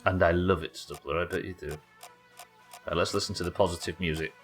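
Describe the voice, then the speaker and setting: A man's voice: deep voice, fairly even intonation, fairly quick, a bit bright, husky, soft background music. A man chatting casually and joking while he plays a game on a live stream. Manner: chatty, joking, swears freely. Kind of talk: casual gameplay commentary.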